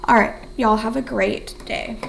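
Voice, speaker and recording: A woman's voice: fairly high pitch, fairly even intonation, measured pace, creaky, slight background noise, low-quality recording. A young woman teaching a remote writing lesson, encouraging and thinking aloud as she writes. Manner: counts syllables in a soft whisper.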